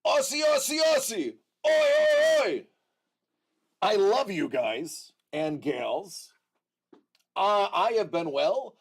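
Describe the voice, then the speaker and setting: A man hosting a casual livestream, chatting with viewers in an unhurried way, with frequent restarts and fillers. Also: fairly high pitch, gravelly. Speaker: livestream host.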